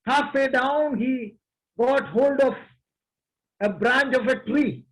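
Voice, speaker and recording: Slow, high-voiced preacher. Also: male voice, rough recording. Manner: slow, emphatic, addresses the congregation. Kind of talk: sermon.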